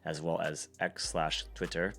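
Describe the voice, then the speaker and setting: A man's voice: deep voice, little pitch movement, a little slow, creaky, fairly bright tone, faint music behind. A young man co-hosting a podcast in jokey, upbeat casual chat. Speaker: podcast co-host.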